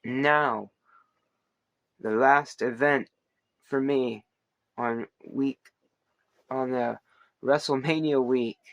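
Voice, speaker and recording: A man's voice: mid-range voice, fairly even intonation, extremely slow, creaky, long pauses, dry recording. A man hosting a wrestling podcast, giving a casual, rambling recap full of fillers, restarts and playful asides.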